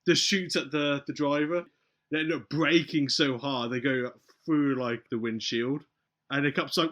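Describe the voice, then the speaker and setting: A man's voice: mid-range voice, measured pace, muffled recording. A man casually retelling a film plot on a podcast, acting out the characters' lines as he goes. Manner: animated retelling, acts out movie lines.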